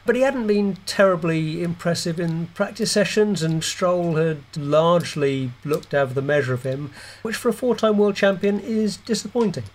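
A man co-hosting a motorsport chat show, measured and thoughtful. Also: high voice. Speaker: co-host. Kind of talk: casual chat analysis.

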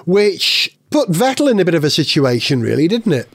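A man's voice: on the high side, big pitch swings, moderate pace, no room sound. A man hosting a motorsport chat show, chatty and wry. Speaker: host.

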